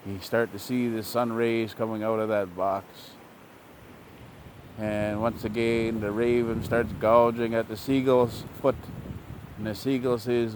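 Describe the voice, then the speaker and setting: A man, a language teacher, telling a traditional story in a relaxed, repetitive oral style. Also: on the low side, unhurried, slight background noise. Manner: relaxed, repetitive, plain-spoken.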